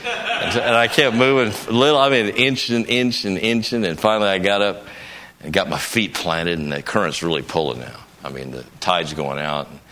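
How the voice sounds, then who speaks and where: An older male preacher with a deep, low voice that still cuts through with a bright, forceful edge. He tells a homely story about himself in a folksy way, then rises into emphatic bursts. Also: moderate pace. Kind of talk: conference sermon.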